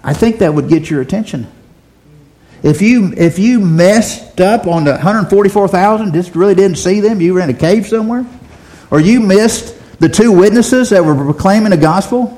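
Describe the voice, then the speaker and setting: A man preaching a sermon, his voice sitting a little high for a man. He talks in a folksy way and lifts it loud when he quotes scripture. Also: lively intonation, normal speed, rough recording. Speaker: pastor.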